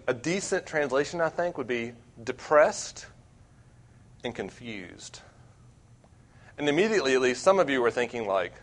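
A young man preaching as a campus minister, earnest and self-deprecating, with wide swings between loud and quiet. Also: mid-range voice. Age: young adult. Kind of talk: sermon.

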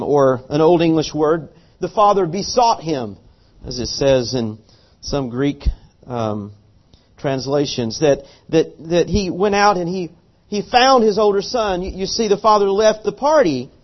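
Male pastor, animated earnest sermon delivery, slightly high voice, dull lo-fi recording. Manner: earnest, animated storytelling with repeated restarts.

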